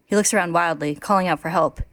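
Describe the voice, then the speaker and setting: A woman co-hosting a podcast chats and laughs often, then steadily reads aloud a recap summarizing a story. She has a lowish, fairly bright voice, talks fast, and there's no room sound.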